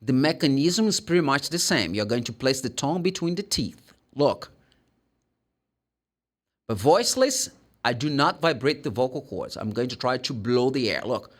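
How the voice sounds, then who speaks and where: A man with a Brazilian Portuguese accent teaching English pronunciation, explaining and demonstrating sounds in an animated way. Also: medium pitch, normal speed. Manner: animated, demonstrates sounds and acts out students' questions. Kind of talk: pronunciation lesson.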